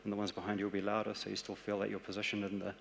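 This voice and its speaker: A man with a New Zealand accent giving a conference presentation, explaining ideas in a steady, practical way. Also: fairly low pitch, very fast, creaky, a little hiss or hum. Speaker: conference speaker. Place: large conference hall. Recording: echoey conference hall.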